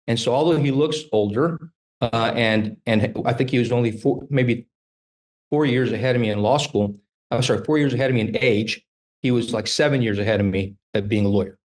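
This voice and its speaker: A man in his fifties, a trial lawyer telling animated stories in a casual interview and acting out the dialogue. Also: mid-range voice, a little fast.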